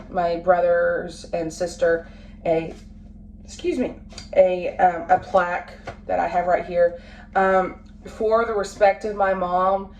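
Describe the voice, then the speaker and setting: A woman in her late twenties, a family vlogger talking casually to the camera at home, halting and full of fillers and restarts. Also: lowish voice, darkish tone. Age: late 20s. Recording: roomy, from a distance, faint background noise.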